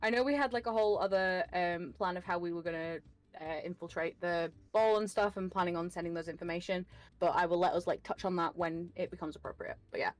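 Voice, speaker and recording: Hesitant low-voiced woman recapping a game. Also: fast talker. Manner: hesitant, many fillers. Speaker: tabletop game player. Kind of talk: casual session recap.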